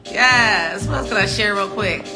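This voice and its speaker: A woman's voice: mid-range voice, measured pace, music in the background. A woman in her morning voice hosting a casual livestream from home, chatting upbeat with viewers and laughing often. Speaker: livestream host. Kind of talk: casual live chat greeting viewers.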